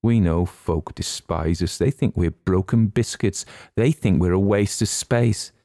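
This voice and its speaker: A man's voice: sits low, unhurried, dark tone, no room sound, studio quality. A man voicing a tearful, troubled young woman who sounds pleading and hurt. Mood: bitter.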